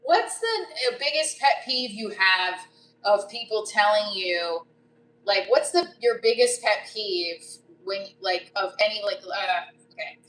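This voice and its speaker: A woman's voice: mid-range voice, expressive, unhurried, fairly bright tone, roomy sound, a little hiss or hum, poor audio. A woman comedian with a New Jersey accent, chatting casually on a live stream, blunt and profane, reading viewer comments aloud.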